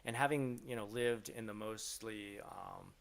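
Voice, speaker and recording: A man's voice: lowish voice, unhurried, creaky. A man from Florida in his thirties or forties, hosting a casual live Q&A, rambling and swearing freely as he tells stories. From Florida, USA. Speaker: live stream host answering questions.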